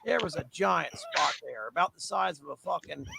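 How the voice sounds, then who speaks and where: A man's voice: on the high side, moderate pace, creaky, background noise. A man chatting casually on a live stream, telling rambling, profane stories and laughing at himself. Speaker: livestream regular.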